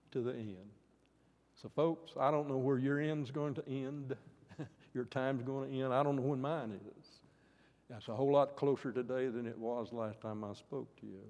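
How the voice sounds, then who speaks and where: An older man preaching a sermon in an earnest way. His voice rises to fervent pleas and then drops soft. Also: mid-range voice. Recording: long hall reverb.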